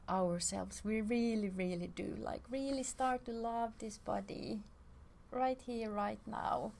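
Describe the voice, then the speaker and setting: Young woman, gentle self-help vlog talk, soft half-whispered delivery, raised pitch, slight vocal fry, faint background hiss. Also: slow pace. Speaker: self-help video host.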